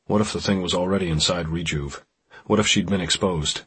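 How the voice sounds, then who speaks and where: A deep-voiced man narrates a novel in a steady, measured way. His voice is very husky and breathy, low in pitch. The recording is dry and close, with no room sound. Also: no room sound. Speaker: audiobook narrator. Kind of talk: scripted narration.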